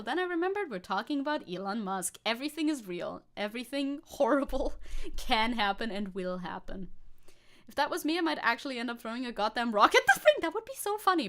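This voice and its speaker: A woman streamer chatting casually on a live stream, sarcastic and quick to swear, with laughing asides. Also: on the high side, a bit bright. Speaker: VTuber streamer.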